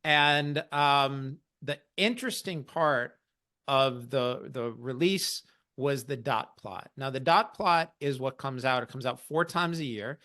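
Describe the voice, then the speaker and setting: Bright-voiced man explaining markets. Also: medium pitch, takes it slowly. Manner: explanatory, wry, quotes others in mock voices. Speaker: investing podcast host. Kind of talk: casual market commentary.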